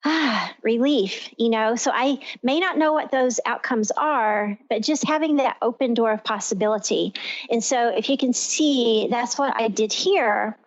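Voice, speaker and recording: A woman's voice: on the high side, measured pace. A woman from Texas hosting a talk radio show, explaining in long flowing sentences. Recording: lo-fi radio sound.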